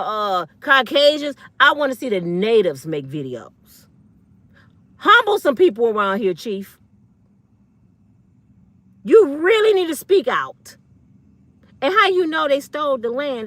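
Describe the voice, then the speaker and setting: A woman's voice: high-pitched, a bit bright, no echo. A woman in her fifties, an online commentator, delivering a blunt, fiery, profane rant full of slang. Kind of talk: ranting monologue.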